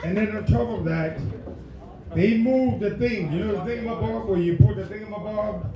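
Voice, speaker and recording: Male stand-up comic working the crowd with shouted bursts, voice a little off-mic in a live room. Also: high voice, normal speed, lo-fi sound. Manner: loud crowd work, sudden shouted bursts. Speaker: stand-up comedian. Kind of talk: stand-up comedy set. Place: comedy club stage. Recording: roomy live venue, mic at distance, audience. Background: laughing audience.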